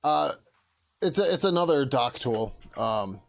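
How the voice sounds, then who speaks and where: A man's voice: mid-range voice, expressive, unhurried, gravelly, faint music behind. Laid-back swearing man on a livestream. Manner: laid-back, rambling, swears freely, laughs often. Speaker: livestream host and software developer. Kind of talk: casual livestream chat.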